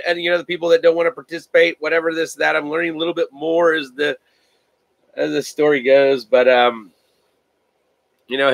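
Man, livestream host, rambling casual chat, bright tone, dry sound. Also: fairly high pitch, no echo, low-quality recording. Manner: rambling, with many fillers and restarts. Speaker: card-breaking livestream host. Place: home.

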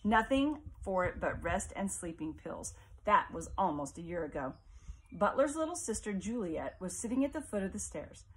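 Woman narrating a novel, expressive. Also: mid-range voice, slight background noise. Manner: measured, expressive reading. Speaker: audiobook reader. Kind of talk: audiobook narration.

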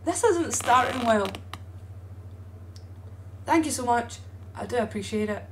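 A woman's voice: fairly high pitch, animated, measured pace, slight background noise. A young woman chatting casually and bluntly to her viewers on a live stream, swearing freely, into a streaming microphone at home.

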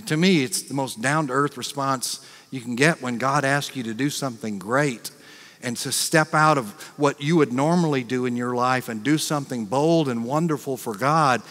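A man with an American accent, a pastor preaching a sermon in a conversational way, acting out quick reactions and repeating words. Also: medium pitch, a bit bright. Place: church sanctuary. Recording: long reverb of a large church.

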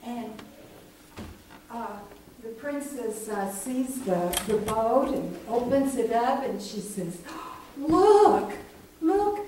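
Woman, slightly high voice, slow gentle children's storyteller, echoey church from afar with noise. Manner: gentle, hesitant with many fillers. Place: church sanctuary. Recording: echoey church recorded from far off, noisy.

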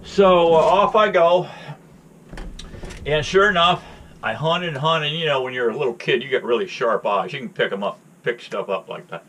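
A man's voice: mid-range voice, normal speed, fairly bright tone. Male host, folksy storyteller, chatty and joking, rambling asides. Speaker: channel host.

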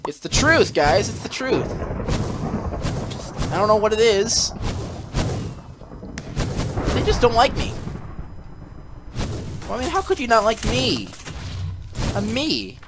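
Brief: excitable male gaming host, high and very animated, game music behind. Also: takes it slowly, pauses often, background noise. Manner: excitable, yelps and shouts when in danger. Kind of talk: gameplay commentary.

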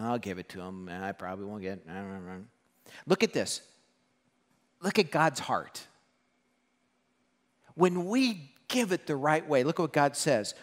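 A male pastor preaching with lively delivery, slipping into voices for his stories and joking with the congregation. His fairly high voice rings out with a long hall reverb behind it. It sounds like a live church sermon. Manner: animated, acts out quoted voices, jokes with the congregation.

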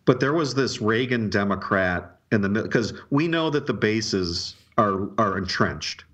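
A man's voice: fairly low pitch, lively intonation, unhurried, a bit bright, muffled recording. A man co-hosting a podcast, chatting casually about politics and rambling with frequent restarts. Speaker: podcast co-host.

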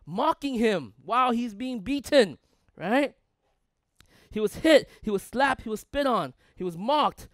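A man's voice: very high voice, animated, unhurried, a bit bright, no echo, studio quality. A male pastor preaching a sermon in a conversational way, asking his listeners rhetorical questions and building long emphatic lists.

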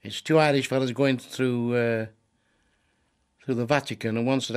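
Older man, from England, gravelly, mid pitch, blunt, chatty, interview. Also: moderate pace. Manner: blunt, chatty, repeats himself, acts out joke voices. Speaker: comedian interviewed. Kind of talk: interview talk, telling jokes.

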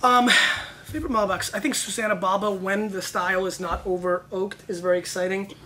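A man hosting a wine tasting show, talking in excitable, joking, rapid bursts. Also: sits high, poor audio. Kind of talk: casual wine tasting chat.

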